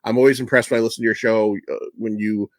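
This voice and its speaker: A man's voice: lowish voice, no room sound, studio quality. Laughing man retelling a movie. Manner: laughing, animated retelling with quick impressions. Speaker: podcast host. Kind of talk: casual movie chat.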